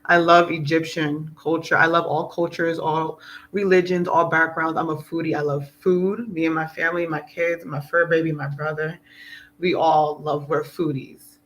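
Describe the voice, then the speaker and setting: A woman's voice: sits low, level tone, normal speed, fairly bright tone, rough recording. A woman talking in a casual, rambling spiritual vlog, earnest and emotional, preaching at times. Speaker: spiritual vlogger. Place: outdoors in South Florida.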